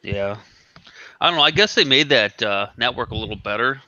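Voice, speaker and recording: A man's voice: medium pitch, lively intonation, brisk, pushed and bright, no room sound. A man hosting a casual chat, telling a rambling, profane story. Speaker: podcast host. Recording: dull lo-fi sound.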